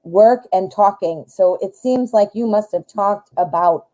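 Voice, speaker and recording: At a measured pace, a married adult woman from the US speaks in a mellow, medium-pitched voice while hosting a live-stream tarot reading. She rambles, uses lots of fillers, takes side trips in conversation, and jokes at her own expense, all on a low-quality recording.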